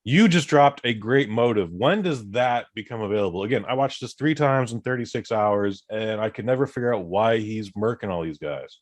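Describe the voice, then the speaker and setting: Man, low-pitched co-host, wry and skeptical, casual movie talk, dry recording. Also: expressive, moderate pace, hardly any pauses, dry recording. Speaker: podcast co-host. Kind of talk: casual movie podcast chat.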